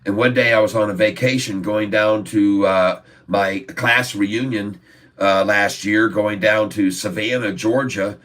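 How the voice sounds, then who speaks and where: Low-voiced, jokey male stream host. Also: fairly even intonation, measured pace, fairly bright tone, far from the mic. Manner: jokey, rambling, laughs often. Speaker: livestream host. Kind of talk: casual livestream chat. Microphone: phone.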